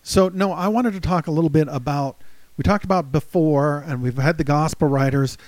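A man co-hosting a conversational Bible study, reading scripture in a slow, deliberate and thoughtful way. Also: on the high side, darkish tone, no room sound. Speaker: co-host of a Bible study show.

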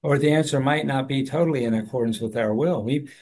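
Male co-host, earnest Bible-study talk, thoughtful, mid-pitched. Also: fast talker, darkish tone. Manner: earnest, thoughtful, with frequent restarts.

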